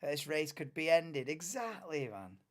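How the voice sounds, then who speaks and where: A man's voice: on the high side, very animated, a little slow, a bit bright. A young man hosting a live race watchalong, chatting casually, muttering asides and swearing freely.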